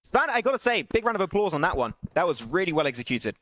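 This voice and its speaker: A young man casting an online shooter match alone, excitable, his voice jumping up on big plays and laughing at himself between calls. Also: high-pitched, fast talker, dry recording. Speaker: esports caster streaming solo. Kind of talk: live game commentary with chat asides.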